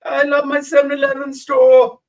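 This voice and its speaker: A man putting on an overly friendly shopkeeper voice with an exaggerated mock Indian accent, high and sing-song. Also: monotone, normal speed, far from the mic, low-quality recording. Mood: fawning.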